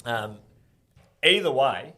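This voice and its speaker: An Australian man, a former pro footballer, telling animated stories with frequent laughter as a podcast guest. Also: medium pitch, slow. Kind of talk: casual podcast storytelling.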